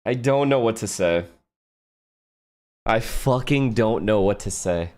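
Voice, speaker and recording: A man's voice: on the low side, lively intonation, takes it slowly, a little mellow. A man streaming a watch party, swearing and complaining in an exasperated way. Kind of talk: live stream reaction talk.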